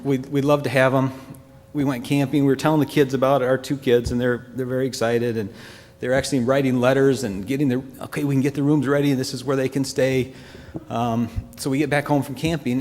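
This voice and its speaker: A man giving an earnest, heartfelt personal testimony to a congregation, speaking in a halting way. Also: mid-range voice, steady tone, a little mellow. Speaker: church member giving a testimony. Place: church hall. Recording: long church-hall reverb.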